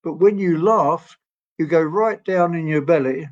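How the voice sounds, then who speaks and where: Man in his 80s, guest storyteller, higher pitch, meandering and genial, dull lo-fi sound. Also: a little slow. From England. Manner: gentle, rambling, laughs often. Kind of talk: storytelling interview. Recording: dull lo-fi audio.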